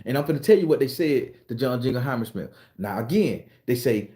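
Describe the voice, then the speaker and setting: A man's voice: fast, few pauses. Man telling a profane story, echoey room. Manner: acts out voices in his story, swings into high excited pitch. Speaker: commentator on social media channel. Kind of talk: animated storytelling monologue with profanity.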